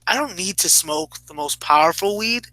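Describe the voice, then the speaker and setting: Bright-voiced swearing man, dry sound. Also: high voice, animated, moderate pace, no room sound, poor audio. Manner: loose, heavy swearing, joking. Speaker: podcast co-host. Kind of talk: casual late-night podcast chat.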